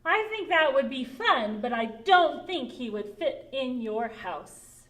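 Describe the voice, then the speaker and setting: A woman with a high, bright-pitched voice leads a preschool storytime. She speaks very slowly and gently, drawing out each phrase in a sing-song way meant for small children. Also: very animated. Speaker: children's librarian.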